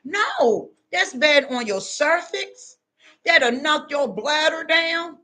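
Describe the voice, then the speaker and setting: A woman, giving a loud, animated motivational talk to her viewers and laughing often. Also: sits high, takes it slowly. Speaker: online talk host.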